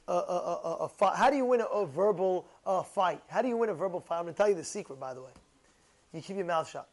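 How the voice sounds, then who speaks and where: High-voiced man telling Torah stories. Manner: animated, repeats words, uses Hebrew terms. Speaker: rabbi giving a Torah talk. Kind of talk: sermon with personal stories.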